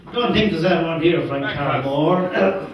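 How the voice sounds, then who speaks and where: A man's voice: a little high, animated, normal speed, muffled recording, a crowd in the background. An older Irish man giving an anecdotal speech as a former team manager, chuckling as he tells stories and acts out what people said. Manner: chuckling storyteller, acts out quotes. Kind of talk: anecdotal after-dinner speech. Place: function hall. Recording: echoey hall, distant mic.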